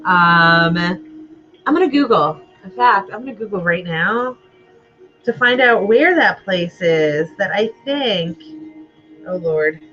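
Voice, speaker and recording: A woman's voice: mid-range voice, expressive, slow, bright, forceful tone, muffled recording, faint music behind. A woman rambling and chatting to herself as she plays through a game. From United States. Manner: rambling and chatty, talks to herself while playing. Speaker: gamer playing through a game. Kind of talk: let's play commentary.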